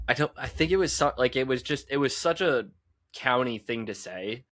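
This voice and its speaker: In casual podcast chat, a male co-host speaks at a moderate pace with a mid-range, fairly bright voice and lively intonation. He laughs often and restarts his sentences.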